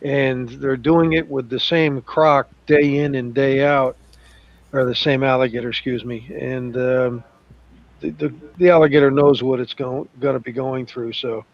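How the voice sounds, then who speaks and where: A man explaining things in a measured, slightly hesitant way during a casual chat. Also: mid-range voice, steady tone, vocal fry, dry recording. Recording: dry, dull lo-fi mic.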